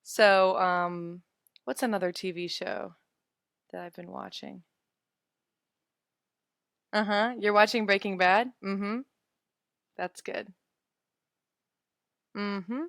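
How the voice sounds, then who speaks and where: A woman's voice: medium pitch, fairly even intonation, slow, gravelly, long pauses, a bit bright, no echo, studio quality. A young woman in her twenties teaching English in a casual live webinar, chatty and giggly as she answers viewer comments.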